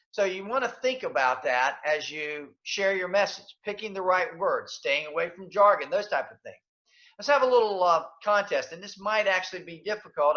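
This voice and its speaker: Man, webinar presenter, high voice, bright, emphatic, repeats himself, fillers, dull lo-fi call audio. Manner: fillers and restarts, emphatic, repeats key points. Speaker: leadership coach and webinar presenter.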